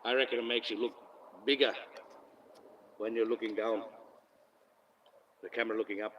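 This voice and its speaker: A man's voice: on the low side, fairly even intonation, normal speed, a bit bright, far from the mic, slight background noise, low-quality recording. A man hosting a casual live stream into his phone, rambling, swearing freely and laughing often. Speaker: livestream host. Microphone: phone camera.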